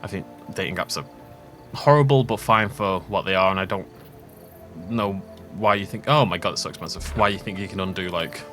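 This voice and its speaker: A man's voice: sits low, brisk, a bit bright, faint music behind. A young man giving casual, rambling, self-deprecating let's play commentary. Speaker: gaming YouTuber.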